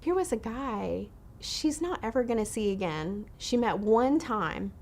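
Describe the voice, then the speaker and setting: Woman, ministry leader, earnest heartfelt storytelling, slight vocal fry. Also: fairly high pitch, animated, unhurried, a little mellow. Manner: earnest, heartfelt retelling with quoted voices. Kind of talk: personal storytelling talk.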